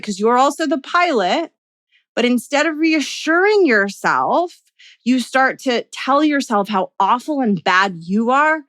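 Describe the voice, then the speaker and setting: A woman coach speaks straight into a close microphone in a fairly high voice. She teaches with earnest emphasis and keeps asking "right?" to pull the listener along. The sound is dry and intimate, with no room around it. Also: fairly bright tone, dry recording. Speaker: communication coach and podcast host. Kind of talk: solo podcast teaching.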